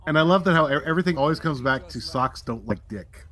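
A man directing a show, hosting a casual commentary with animated, jokey chat. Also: a little high, fast.

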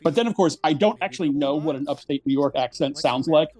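A man's voice: fairly high pitch, a little mellow, soft background music. A man from Philadelphia with a faint, mostly suppressed Philly accent, chatting casually on a panel and restarting his sentences often. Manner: halting, many restarts.

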